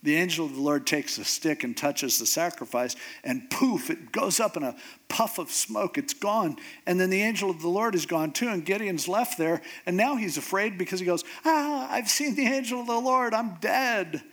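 Casual preacher, slightly high voice, chatty storyteller who acts out scenes. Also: male voice, normal speed, a bit bright. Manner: conversational storyteller, acts out the characters. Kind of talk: casual Bible teaching.

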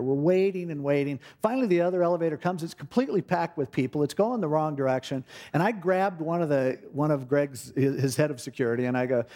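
Middle-aged man, pastor telling a sermon story, animated and expressive, voice sits a bit high. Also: brisk. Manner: animated storytelling, acting out quoted speech.

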